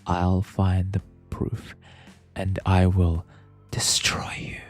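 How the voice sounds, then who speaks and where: A man's voice: deep voice, completely flat delivery, slow, faint music behind. A man voicing a vindictive, menacing school principal in a scary little whispered growl, a whispered role-play.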